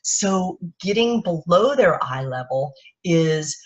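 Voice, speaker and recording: A woman parenting coach giving a live-streamed talk in a soft, unhurried, lulling way, speaking into a webcam or phone. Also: fairly low pitch, expressive. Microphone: webcam or phone on a live video stream. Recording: dull lo-fi stream audio.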